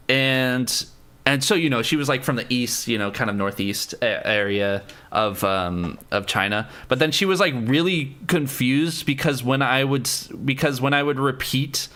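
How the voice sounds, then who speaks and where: A man chatting live with his viewers in a loose, rambling way, his sentences full of filler words, restarts and casual swearing. He plays around with foreign words and sounds, testing how they feel in his mouth. His pitch sits in an ordinary middle range for a man. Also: pushed and bright. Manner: playful, trying out foreign words. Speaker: livestream host. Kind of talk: casual livestream chat answering viewers.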